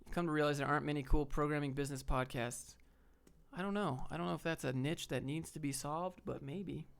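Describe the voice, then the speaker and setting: A man with a fairly high, clean, resonant voice talks casually on a livestream. He is blunt and relaxed, swears offhand and speaks directly to his viewers. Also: a little fast, gravelly. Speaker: livestream host giving job advice.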